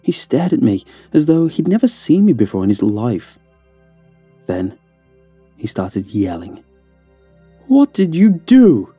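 A man's voice: lowish voice, very animated, unhurried, pauses often, mellow, breathy edge, no room sound, faint music behind. A man narrating a first-person horror story in a tense, dramatic storytelling manner.

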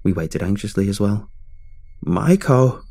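A man narrating a scripted horror story in a measured, ominous way. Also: fairly low pitch, expressive, warm tone, husky.

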